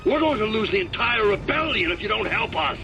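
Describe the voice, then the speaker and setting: Gruff old general, high gravelly voice swinging up and down, music loud under him. brief: game cutscene. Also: male voice, big pitch swings, fairly quick, exaggerated voice. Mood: urgent. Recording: game audio with loud score.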